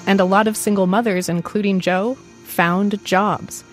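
A woman's voice: mid-range voice, fairly even intonation, music in the background. Woman narrating a radio news feature. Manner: measured, storytelling narration. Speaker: radio reporter. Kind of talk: scripted radio reporting.

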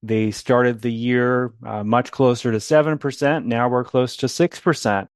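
Male economist soundbite, mid pitch, dry, calm. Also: a little slow, clear, resonant tone, no echo. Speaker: economist interviewee. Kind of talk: interview clip.

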